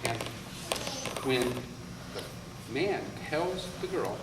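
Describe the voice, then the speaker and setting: A man telling a folktale aloud in an animated way, with dramatic pauses. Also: high voice, noisy background. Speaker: storyteller. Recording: echoey hall, voice from far off, faint ambience.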